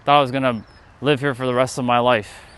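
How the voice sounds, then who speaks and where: Canadian male livestream host, mid-pitched and smooth, chatting on a phone while walking a city street, loose and rambling. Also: flat delivery, fairly bright tone. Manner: rambling, thinking aloud with pauses and restarts.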